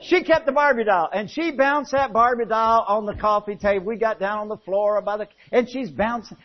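Captured on a dull, lo-fi recording, a man with a high-sitting voice preaches a sermon at normal speed. He tells folksy, humorous stories and frequently restarts his phrases.

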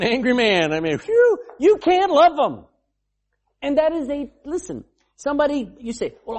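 Male pastor mid-sermon, husky voice, pitch rising and falling freely, quizzes the room. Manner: calls on readers and questions the congregation; bursts into shouting for emphasis.

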